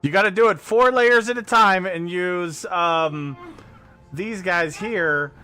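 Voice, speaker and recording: A man's voice: sits high, slow, pushed and bright, clear, resonant tone, soft background music. A man streaming a game live, giving casual commentary in an offhand way and swearing freely.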